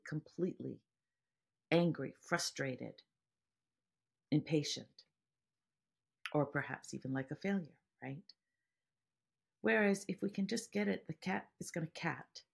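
A woman's voice: lowish voice, vocal fry, a little mellow, breathy edge. A woman meditation teacher speaking to podcast listeners in an earnest way, explaining ideas through everyday examples and stories.

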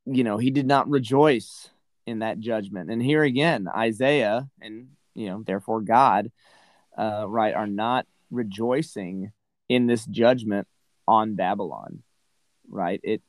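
Low-voiced man musing over scripture. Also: a little slow, dry recording, rough recording. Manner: rambling, full of "right?" and "you know". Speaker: Bible study podcast co-host. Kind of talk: casual scripture discussion.

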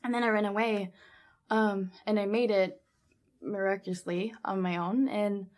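A young adult woman recounting a personal story in a casual interview, animated, with lots of fillers and quoted dialogue. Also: medium pitch, normal speed. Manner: animated, laughs often, many fillers like 'um' and 'like'; acts out quoted dialogue in her own voice. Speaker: guest telling her story.

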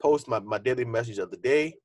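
A man's voice: mid-range voice, quick pace, a little mellow, dry recording. A young man co-hosting a podcast, talking earnestly and reflectively in a casual conversation full of fillers. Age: young adult. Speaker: podcast co-host.

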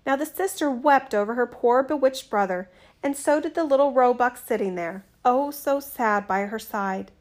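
A woman reading a fairy tale aloud in a gentle, measured, expressive storytelling manner. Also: fairly high pitch.

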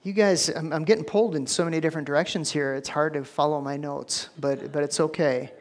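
A man's voice: on the high side, fairly even intonation, fairly quick, in a large hall. A man preaching a sermon in a casual, conversational way, often repeating words and saying "you know.". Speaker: pastor.

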